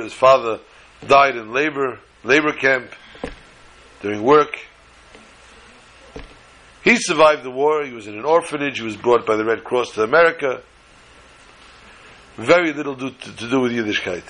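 A man's voice: mid-range voice, pushed and bright, a little hiss or hum, poor audio. A man giving an earnest Torah lecture, mixing in Hebrew and Yiddish terms and telling a story.

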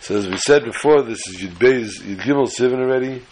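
A man's voice: medium pitch, brisk, darkish tone, slight background noise, low-quality recording. A man giving an emphatic, lecturing sermon-style scripture lesson as a religious teacher.

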